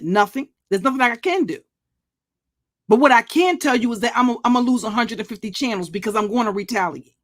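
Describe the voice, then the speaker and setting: Older woman, pitch a bit high, profane, threatening, restarts and stammers. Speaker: YouTube commentary channel host. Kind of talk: blunt monologue vlog.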